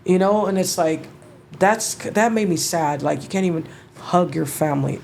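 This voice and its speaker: Emotional, halting, low-voiced woman storyteller. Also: creaky, a little mellow, a little hiss or hum. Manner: halting, emotional, many restarts, casual swearing. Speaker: interview guest. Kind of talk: personal storytelling.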